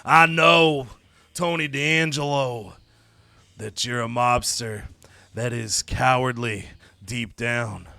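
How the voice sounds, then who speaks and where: A man voicing a menacing undead wrestler who speaks slowly and ominously. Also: medium pitch, fairly even intonation, vocal fry, pushed and bright, dry recording, pitched below the performer's own voice, exaggerated voice. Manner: slow, ominous, drawn-out.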